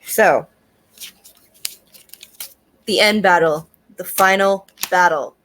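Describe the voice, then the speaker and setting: Her voice sits fairly low yet sounds a bit bright, and she takes her time, with slight background noise audible. The young woman reviews an anime casually, swearing, laughing, and scattering "like" and "um" everywhere.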